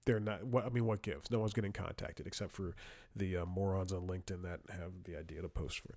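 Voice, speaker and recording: Low-voiced man rambling through a comic story. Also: expressive, brisk, dry recording, clean studio sound. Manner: rambling storytelling with frequent restarts and laughs; sarcastic, mocking asides. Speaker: comedy podcast host. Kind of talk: casual comedic monologue.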